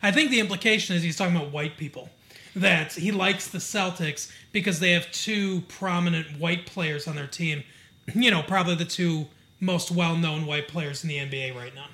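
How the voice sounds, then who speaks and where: A man's voice: fairly high pitch, normal speed, bright, forceful tone. A man from Michigan co-hosting a podcast, recapping a TV episode in a rambling, casual way full of fillers and asides. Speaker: podcast co-host.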